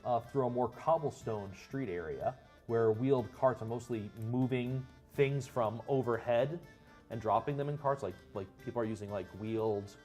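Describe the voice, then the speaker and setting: A man runs a tabletop game, painting the scene in long, meandering descriptions. His voice sits at a middle pitch and goes back on itself as he thinks, with faint music underneath. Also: moderate pace, darkish tone. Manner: descriptive, rambling, with restarts. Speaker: game master.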